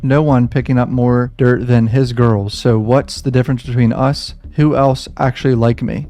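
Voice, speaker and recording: Shaken man reacting, low mellow voice. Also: fairly even intonation, normal speed. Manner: shaken, swears in anger. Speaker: reaction video host. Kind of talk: reading a diary aloud and reacting.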